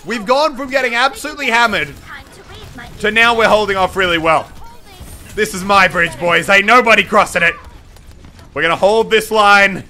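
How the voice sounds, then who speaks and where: A young man giving excitable, swearing live commentary over a video game, often shouting at the screen. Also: high voice. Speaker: gaming channel host.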